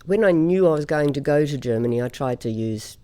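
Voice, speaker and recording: A woman from Australia, a singer, telling stories in a relaxed interview chat. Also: low-pitched, brisk. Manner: chatty anecdotal storyteller, laughs often. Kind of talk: conversational interview storytelling.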